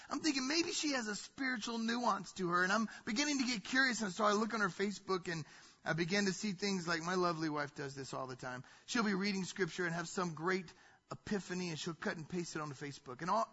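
A male pastor preaching a sermon, telling the story in an animated way that swings between loud and hushed. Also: high voice, husky, dull audio.

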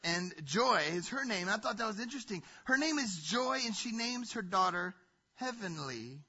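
A male pastor preaching a sermon, telling the story in an animated way that swings between loud and hushed. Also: sits high, normal speed, husky, muffled recording.

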